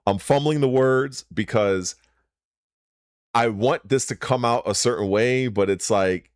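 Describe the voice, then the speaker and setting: A man hosting his own channel, delivering a heated, profane rant, swinging between loud emphasis and low muttering. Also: unhurried, clean tone, no room sound, studio quality. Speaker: channel host.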